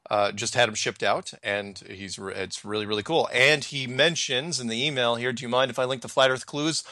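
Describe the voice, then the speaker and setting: Rambling male podcast host, bright voice. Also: mid-range voice, no echo, clean studio sound. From Washington state, United States. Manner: rambling, halting, many restarts. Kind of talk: casual podcast chat.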